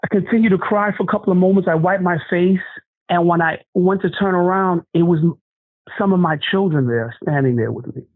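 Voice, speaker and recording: Man with a slightly high voice, earnest testimony, halting delivery, phone-line sound. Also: no room sound. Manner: earnest, halting storytelling with restarts. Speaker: guest sharing a testimony. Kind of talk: emotional personal testimony.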